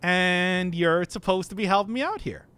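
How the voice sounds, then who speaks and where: A man's voice: sits high, normal speed, pushed and bright, clean tone. A male streamer chatting casually and playfully with his audience, laughing often. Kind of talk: casual live-stream chat.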